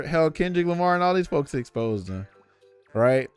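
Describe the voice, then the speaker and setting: A man's voice: on the high side, moderate pace, smooth, faint music behind. A young man streaming from home, ranting in casual slang and addressing his chat directly. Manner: animated, opinionated, slangy, talks to chat.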